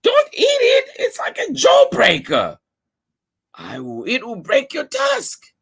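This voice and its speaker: Casting: squeaky, high little male mouse from a storybook, voiced by a man, slightly husky. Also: huge pitch swings, takes it slowly, fairly bright tone, exaggerated voice. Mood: alarmed. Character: small squeaky male mouse, loyal friend.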